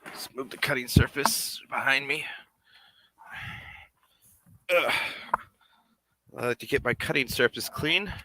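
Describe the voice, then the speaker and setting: A man's voice: mid-range voice, takes it slowly, pauses often, bright, forceful tone. A man making a puppet on a live stream, rambling casually and half to himself as he works. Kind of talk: casual live-stream chat while working.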